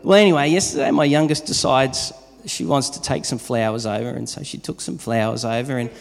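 A pastor preaches to his congregation in a conversational style, sharing everyday stories. His voice is medium-pitched, brisk and creaky, and the recording carries the long reverb of a large hall.

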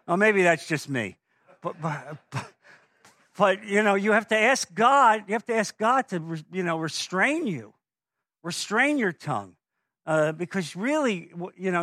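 High-voiced impassioned male preacher. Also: animated, normal speed, dry recording, studio quality. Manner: impassioned, rising to forceful emphasis with rhetorical questions; frequent fillers and restarts when speaking offhand. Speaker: pastor. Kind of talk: sermon.

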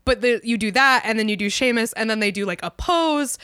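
Woman, casual podcast chat, bright tone, dry recording, filler-heavy, laughs often. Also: on the high side, a little fast, no echo. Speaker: podcast co-host.

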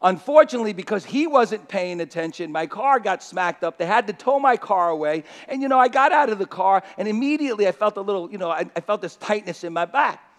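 A man, a pastor, telling a personal story in a sermon, animated, restarting sentences and saying "you know" often. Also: sits high, brisk, hardly any pauses, big-room sound.

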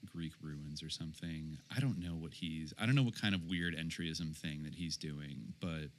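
A man co-hosting a podcast in casual chat, halting with many fillers and restarts. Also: extremely low pitch, a little hiss or hum. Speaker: podcast co-host.

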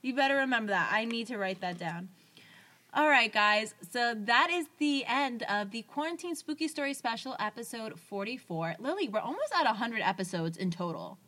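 A woman's voice: a little high, animated, pushed and bright. A woman co-hosting a podcast, reading a listener's story aloud and chatting in a bubbly, playful way. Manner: bubbly, playful, quick to laugh. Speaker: podcast co-host.

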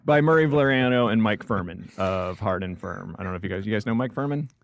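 A podcast host in a studio, using a studio mic and headphones, chats and jokes in a rambling way loaded with fillers. His voice is deep and fast, with vocal fry, in casual conversation.

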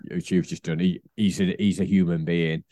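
A man's voice: sits low, little pitch movement, normal speed, dark tone, no room sound. A man co-hosting a casual football podcast, rambling and teasing his co-host with frequent laughs.

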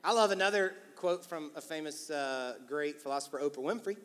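A male pastor preaching an energetic, emphatic, encouraging sermon in church. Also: a little high, a little fast. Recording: long church-hall reverb.

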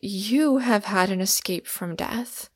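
A woman's voice: mid-range voice, no echo, clean studio sound. A woman reading a hesitant older professor. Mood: measured. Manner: hesitant, measured. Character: older male professor, dry, cautious. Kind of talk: audiobook reading.

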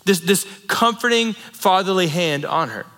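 A man's voice: high-pitched, lively intonation, measured pace, bright, forceful tone. A man in his thirties preaching a sermon in a conversational, storytelling way, with asides to the congregation. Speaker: pastor. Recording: long reverb in a large hall.

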